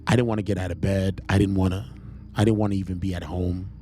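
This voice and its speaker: A man hosting a podcast, telling a personal faith testimony in an earnest, halting, emotional way. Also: sits low, little pitch movement, warm tone, slight background noise. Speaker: podcast host.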